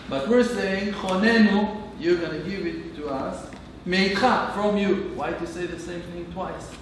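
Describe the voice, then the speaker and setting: Rabbi guy preaching, high voice, long rhythmic lists, far from the mic in a big echoey hall. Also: a bit bright, slight background noise. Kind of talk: sermon.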